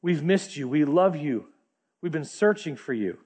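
A male preacher voicing a heartbroken father in his late fifties, pleading softly with his lost daughter. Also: on the high side, lively intonation, measured pace, slightly rough. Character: heartbroken middle-aged father pleading gently.

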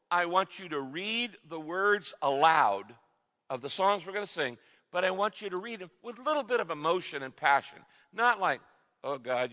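A middle-aged male pastor delivering an emphatic sermon, with sudden shouted exclamations, in a large church hall. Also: sits high. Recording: reverberant hall sound.

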